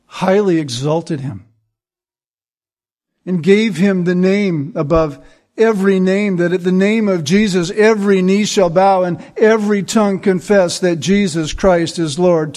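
A man's voice: sits high, measured pace, darkish tone. A man preaching a sermon, earnest and emphatic, building points through repetition. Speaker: pastor.

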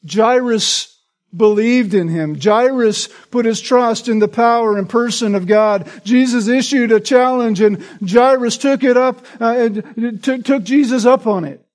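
A man's voice: extremely high pitch, measured pace. A man preaching a sermon in an earnest, emphatic way, often checking in with "right?". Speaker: pastor.

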